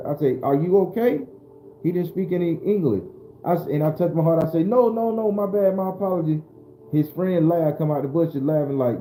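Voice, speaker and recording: Warm and medium-pitched, a man's voice carries a roomy sound. He's running a laid-back, preachy spiritual talk over livestream, speaking right to the people watching.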